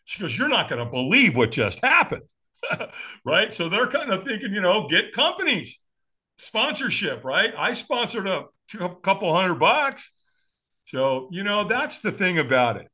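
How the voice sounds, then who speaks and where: A man's voice: sits high, big pitch swings, unhurried, pushed and bright, slightly rough. A man in his late sixties telling stories in an interview, acting out quoted voices and laughing often. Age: 60s. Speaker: guest. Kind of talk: animated storytelling interview.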